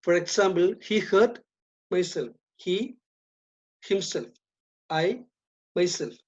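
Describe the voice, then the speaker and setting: Slow, deliberate woman teaching grammar. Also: on the low side, animated, a little mellow. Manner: slow, deliberate, repeats and stresses key terms. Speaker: English teacher. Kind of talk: classroom grammar lesson. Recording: dull lo-fi recording.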